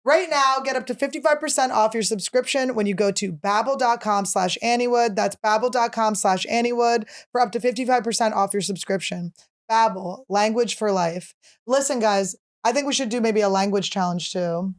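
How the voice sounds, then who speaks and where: A woman's voice: fairly high pitch, moderate pace. A woman hosting a casual comedy podcast, joking playfully while reading sponsor ads. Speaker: podcast host.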